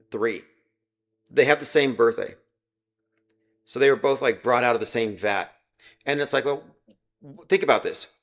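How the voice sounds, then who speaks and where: A man in a mid-pitched voice hosts a casual livestream, talking in a loose, rambling way with a sarcastic edge. He breaks off from his points to greet viewers and read their comments aloud. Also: fairly bright tone. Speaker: livestream host.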